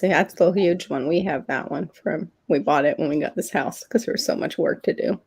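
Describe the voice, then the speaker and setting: A woman's voice: deep voice, moderate pace, a little mellow, breathy edge. A middle-aged woman co-hosting a livestream, chatting casually with rambling asides and frequent laughs. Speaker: livestream co-host. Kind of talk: casual chat.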